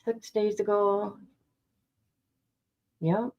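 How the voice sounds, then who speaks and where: A woman reacting live for her viewers, talking plainly and bluntly at a middle pitch. Her sound is a little dull and lo-fi, as if from a basic setup. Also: fairly even intonation, very slow, warm tone. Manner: chatty, blunt, talks straight to her audience. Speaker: streamer reacting to news. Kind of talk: casual live commentary to viewers.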